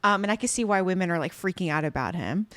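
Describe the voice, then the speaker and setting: A woman's voice: fairly low pitch, fast talker. A woman co-hosting a podcast, recapping a drama in a casual chat and acting out the characters' lines. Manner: animated storytelling, acts out characters' lines. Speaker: podcast co-host.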